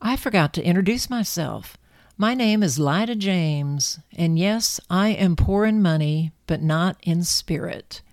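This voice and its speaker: Humbled older grandmother, low earnest voice, read by a woman. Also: expressive, measured pace, darkish tone, no room sound, studio quality. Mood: contrite.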